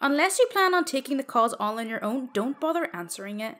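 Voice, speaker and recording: A woman's voice: high voice, sing-song, fairly quick, fairly bright tone, soft background music. A woman voicing a condescending female head of customer service who gives curt, bossy orders.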